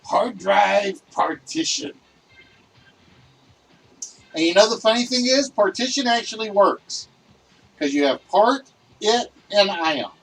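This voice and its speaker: A man hosting a livestreamed list game show, talking loudly and excitably and chatting with his viewers. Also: high voice, moderate pace, far from the mic, low-quality recording.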